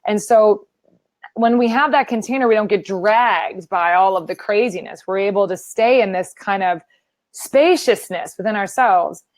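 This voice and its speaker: Animated woman acting out her thoughts. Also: mid-range voice, normal speed, no room sound. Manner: animated, self-deprecating, acts out her inner voice. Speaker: yoga teacher and author, guest. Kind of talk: casual interview chat.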